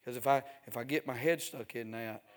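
A male preacher delivering a sermon, dropping to near hushes and then building to loud, emphatic stretches punctuated with "Amen.". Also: medium pitch, a little fast. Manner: swings from hushed to shouting, repeats "Amen".

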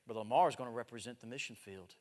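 A man in his forties preaching a missionary sermon, swinging from loud exhortation to hushed, drawn-out words. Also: mid-range voice. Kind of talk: evangelistic sermon with live demonstration. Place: large church sanctuary. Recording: echoey church hall.

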